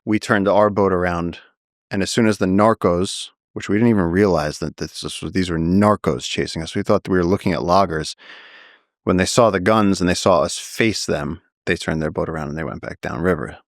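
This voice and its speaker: Man, very low voice, vivid storyteller, podcast guest, dry studio sound. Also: moderate pace, dry recording. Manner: vivid storytelling, acts out quotes. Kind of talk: storytelling in a long-form interview.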